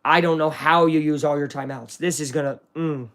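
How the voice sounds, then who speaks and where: A man hosting a live stream, giving chatty play-by-play commentary and reacting excitedly to the action while talking to his viewers. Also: fairly high pitch, normal speed. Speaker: streamer hosting a live game watch-along.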